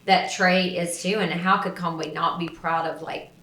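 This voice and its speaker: A woman's voice: on the low side, flat delivery, normal speed, fairly bright tone, reverberant, slight background noise. A woman co-hosting a podcast, chatting in a rambling, self-deprecating way. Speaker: podcast co-host. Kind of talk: casual chat.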